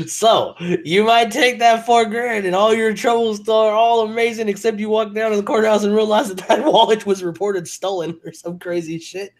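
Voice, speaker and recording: A man with a slightly higher than usual voice, swearing freely and laughing as he tells stories. His talk is loose and casual, full of quoted back-and-forth. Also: fairly even intonation, moderate pace. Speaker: show host. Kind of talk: casual chat.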